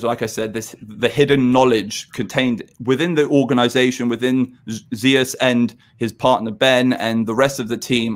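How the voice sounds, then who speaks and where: A man hosting a podcast, talking in a rambling, enthusiastic way with casual swearing. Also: mid-range voice. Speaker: podcast host.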